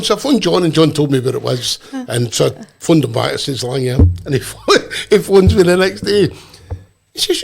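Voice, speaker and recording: A man's voice: sits high, big pitch swings, a little fast. A Scottish man hosting a podcast, telling anecdotes in a casual chat and laughing through them. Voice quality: gravelly, husky. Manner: laughs through his stories. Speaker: podcast host.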